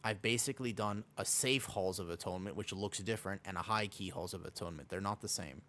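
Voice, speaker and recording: A male game streamer with a low voice talks fast, sounding pushed and bright, with a little hiss or hum in the audio. Slightly sick with a sore throat, he keeps up rambling, chatty livestream talk and corrects himself as he goes.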